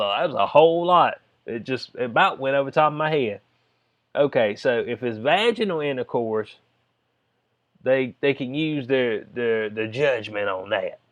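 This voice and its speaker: A man's voice: medium pitch, muffled recording. A man with a Southern US accent talking loosely over a news story, reading bits aloud and peppering his talk with "you know what I'm saying.". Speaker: vlogger commenting on news.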